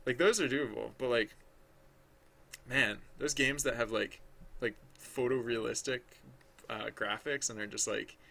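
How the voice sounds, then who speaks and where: Guy livestreaming his art, rambly and hesitant, chats with viewers, kinda gravelly voice. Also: medium pitch, fairly bright tone. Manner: rambling, hesitant, full of restarts and fillers; chatty with viewers. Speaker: livestreaming digital artist. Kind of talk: thinking aloud while drawing on a livestream.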